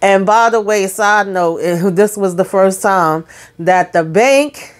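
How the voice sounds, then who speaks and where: A woman's voice: medium pitch, takes it slowly. A woman recapping a TV drama episode in a casual, chatty way, full of slang and side remarks. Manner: chatty, lively retelling with slang and asides. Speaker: TV show recap host.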